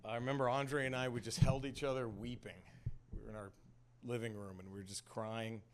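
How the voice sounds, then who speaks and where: A man's voice: mid-range voice, fairly even intonation, fairly quick, a little hiss or hum. A man, a stand-up comedian, telling his own story on a comedy club stage in a loose, conversational way full of "like" and "you know".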